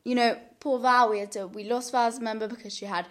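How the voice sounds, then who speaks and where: A woman's voice: on the high side, steady tone, quick pace, fairly bright tone. Chatty woman rambling on her podcast. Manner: rambling, chatty, often laughing. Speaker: podcast host. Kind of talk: solo casual podcast chat. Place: couch at home, indoors. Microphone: large studio mic pulled up close.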